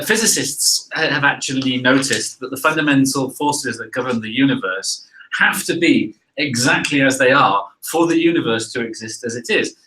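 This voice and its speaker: Bright-voiced man hosting a science Q&A. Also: mid-range voice, rough recording. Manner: conversational, thinks aloud with "uh" and "right?". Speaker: panel host reading viewer questions. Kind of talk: live science Q&A.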